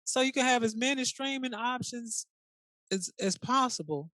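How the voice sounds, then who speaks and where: A podcast co-host chatting casually in a sassy, colloquial way, quick to react. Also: medium pitch, animated, a bit bright, no echo. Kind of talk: casual chat.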